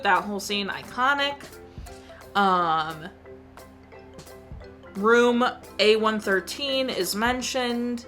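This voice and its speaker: A woman's voice: mid-range voice, a bit bright. A woman reviewing a movie in casual chat, enthusiastic and gushing, with lots of "like" fillers. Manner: enthusiastic, gushing, heavy use of "like".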